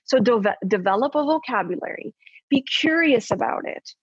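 A woman psychologist, a podcast guest, explaining how to handle emotions in a lively, coaching way with casual fillers. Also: a little high, normal speed, slightly rough, no echo. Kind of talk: conversational podcast advice. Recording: slightly dull, dry podcast audio.

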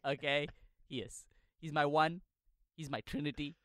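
A man's voice: on the high side, steady tone, unhurried, a bit bright, dry recording. A man co-hosting a podcast, arguing in a mock-serious, emphatic way. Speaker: podcast co-host. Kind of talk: casual comedic debate.

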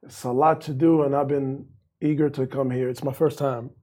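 A man, a guest answering interview questions in a relaxed way, with plenty of hesitant fillers. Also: mid-range voice, moderate pace. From Morocco. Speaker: guest musician.

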